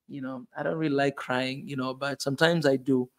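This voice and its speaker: A man's voice: mid-range voice, fairly even intonation, a little fast. A man in his forties, a video host giving a fervent, preachy motivational talk and repeating phrases for emphasis. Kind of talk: impassioned motivational monologue.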